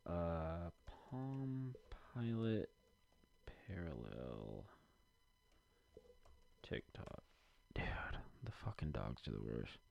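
A man's voice: low-pitched, lively intonation, takes it slowly, gravelly, darkish tone, lo-fi sound. A man rambling casually to himself and his audience from his basement, cursing often and muttering while he searches for something.

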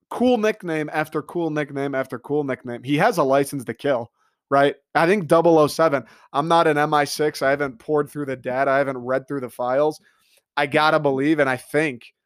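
A man delivering an excitable, profane comedic rant monologue, riffing with mock quotes. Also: medium pitch, no room sound, clean studio sound. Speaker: comedic commentator.

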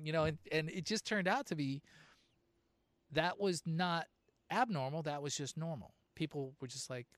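A man's voice: a little high, moderate pace, fairly bright tone, no echo. A middle-aged man from Southern California hosting a casual chat, telling stories and laughing often. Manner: chatty storyteller, laughs often.

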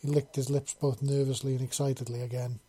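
Guy reading a story aloud, calm and steady, mellow dark voice, kinda breathy. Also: mid-range voice, quick pace. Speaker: narrator.

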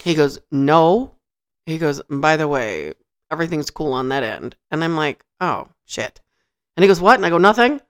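Woman podcast host, animated storytelling, lively swooping voice, laughs and swears. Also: low-pitched, moderate pace, clean tone. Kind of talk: casual storytelling chat.

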